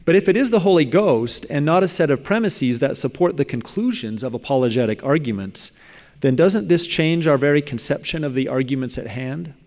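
A man reading a prepared academic paper aloud in a measured way, now and then stumbling and restarting. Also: fairly high pitch, expressive, a little mellow. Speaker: speaker presenting a paper on religious apologetics. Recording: echoey hall with long reverb.

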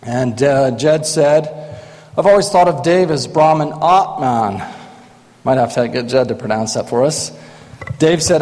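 A man's voice: medium pitch, a little slow, a little mellow. A man introducing panel members with dry joking asides, in a large hall. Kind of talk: lighthearted introductions. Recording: long hall reverb.

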